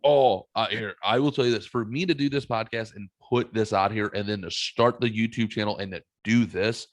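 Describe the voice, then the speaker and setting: A man's voice: fairly low pitch, normal speed. A man hosting a podcast in casual chat, self-deprecating and swearing freely as he vents. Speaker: podcast host.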